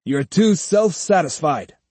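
A man's voice: on the high side, expressive, a little mellow, husky, dry recording, voice pushed up, heavily acted. A man voicing a stern aging sword master. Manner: grave, measured lecturing. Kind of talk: audiobook character reading.

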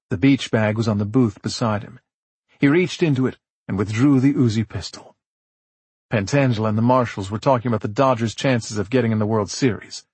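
A man reads a novel aloud in a measured, steady way. His voice is gravelly and a little husky, and it sits close and dry with no room sound around it. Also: mid-range voice, no room sound. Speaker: audiobook narrator. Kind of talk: scripted audiobook narration.

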